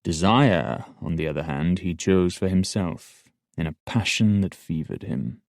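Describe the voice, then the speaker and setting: Man doing an aged court assassin mentor, very low and dry, quiet and unhurried; audiobook. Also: animated, dry recording. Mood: grave. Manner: measured, quiet and slow. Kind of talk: audiobook dialogue.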